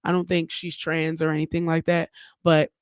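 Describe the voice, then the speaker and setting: A woman's voice: deep voice, little pitch movement, moderate pace, smooth, no echo, studio quality. A woman hosting her own podcast, giving blunt, profane, chatty commentary in a casual solo talk. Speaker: podcast host.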